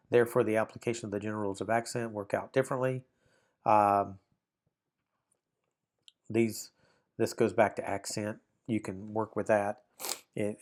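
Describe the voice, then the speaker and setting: A man teaching a Bible Greek lesson, explaining step by step with frequent ums and reading aloud from a textbook. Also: on the low side. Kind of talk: walking through a textbook lesson.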